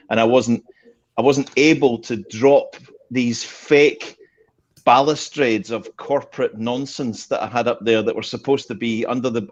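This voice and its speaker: A man chatting on a panel show, an animated storyteller who laughs often. His voice sits at an ordinary pitch, and the recording sounds a little dull and muffled. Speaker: panel guest. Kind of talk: casual chat.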